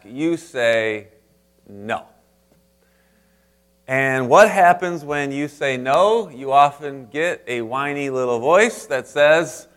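A man preaches a sermon at an everyday middle pitch. He rises to loud, emphatic lines and then drops to soft, hushed asides. He keeps turning to the congregation with direct questions. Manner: speaks straight to the congregation with questions. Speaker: pastor.

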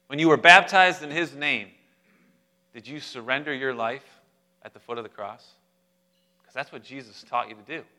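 A young adult man preaching a sermon as pastor, animated and humorous, speaking directly to his congregation. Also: mid-range voice.

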